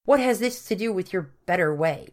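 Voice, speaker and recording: A dismissive, stubborn academy secretary, voiced by a woman answers in dry, clipped skepticism. The voice is fairly low and unimpressed. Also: animated, fairly quick, lightly acted. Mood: skeptical.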